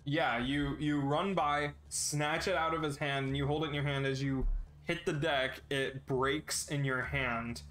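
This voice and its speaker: A man narrating a tabletop game as game master, relaxed and with many fillers. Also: on the high side, unhurried, soft background music.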